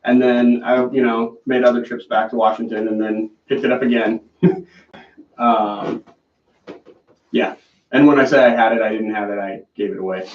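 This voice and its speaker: A man co-hosting a casual beer-tasting chat, relaxed and laughing easily, who reads label text aloud plainly. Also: mid-range voice, moderate pace, pauses often. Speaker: podcast co-host. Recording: far-off mic in an echoey room, dull sound.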